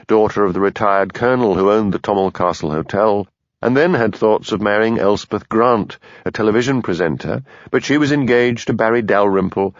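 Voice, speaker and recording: A man narrates a mystery audiobook in a low, steady voice. The recording is dry, close and a little dull. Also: no echo. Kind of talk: scripted narration.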